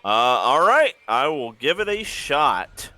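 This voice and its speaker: A man running a tabletop role-playing game as game master, narrating scenes and calling the rolls in a lively way. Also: medium pitch, slow pace. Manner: lively, animated narration and rulings.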